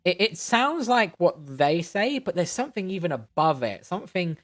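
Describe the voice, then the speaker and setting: A man's voice: sits high, very animated, moderate pace, a bit bright. Man narrating a tabletop game. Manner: descriptive, searching for words. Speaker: game master.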